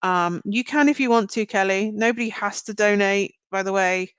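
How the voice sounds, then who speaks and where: A woman's voice: medium pitch, moderate pace, a bit bright, smooth, no room sound. A British woman hosting a livestream, giving card readings to chat viewers in a chatty, rambling way with frequent giggles. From Britain.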